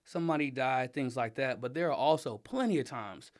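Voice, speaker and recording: A middle-aged man talking casually as an interview guest, emphatic and animated, laughing often and getting loud when riled up. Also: medium pitch, a little fast. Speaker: interview guest, father and design director.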